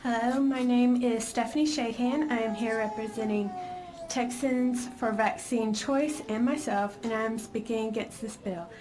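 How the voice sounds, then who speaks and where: A woman speaking as a mother of six before a legislative committee, reading a prepared statement in a firm, steady way. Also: fairly high pitch, a little slow, poor audio. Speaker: mother testifying at a legislative hearing.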